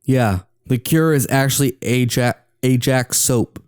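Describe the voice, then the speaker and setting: A young man with a Southern US accent, co-hosting a casual movie watch-along podcast, quick to agree and easily excited. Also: medium pitch, clean tone, no room sound, studio quality. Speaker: podcast co-host.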